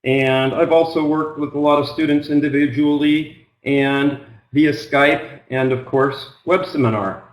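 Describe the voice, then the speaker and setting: Slow-speaking American man from Oregon. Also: on the high side, fairly even intonation, echoey room, poor audio. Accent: Pacific Northwest American. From Oregon, United States. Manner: slow, plain, unhurried with many ums. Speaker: business English trainer. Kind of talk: online trial lesson.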